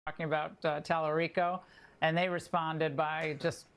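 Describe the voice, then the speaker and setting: Flat, smooth-voiced TV interviewer, measured questions. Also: medium pitch. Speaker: TV news interviewer. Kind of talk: cable news interview.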